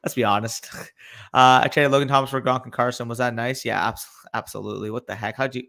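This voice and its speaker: A young man hosting a casual live fantasy football stream, reading viewer questions aloud and reacting quickly. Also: medium pitch, steady tone, vocal fry, a bit bright. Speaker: fantasy football podcast host.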